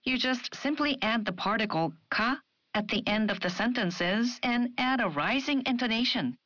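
Measured woman explaining a language lesson. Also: a little high, expressive, a bit bright, no room sound. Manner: clear, measured, explanatory delivery. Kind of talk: scripted educational narration. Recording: muffled studio broadcast audio.

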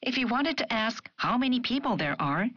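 A woman presenting a language lesson in a clear, measured, explanatory way. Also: fairly high pitch, very animated, a bit bright, dry recording. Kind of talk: scripted educational narration. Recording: muffled studio broadcast audio.

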